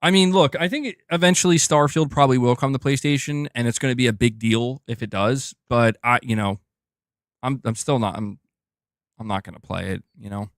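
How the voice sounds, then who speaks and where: Excitable chatty male livestream host. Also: medium pitch, fairly quick, no room sound, studio quality. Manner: excitable and chatty, often says "dude". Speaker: gaming news livestream host. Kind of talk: casual livestream chat reading viewer messages.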